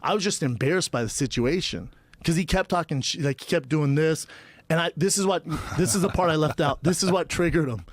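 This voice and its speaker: A man's voice: fairly high pitch, brisk, dry recording. A man in his thirties, a podcast co-host, telling a story in casual chat and acting out the quoted back-and-forth. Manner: animated, acts out quoted exchanges.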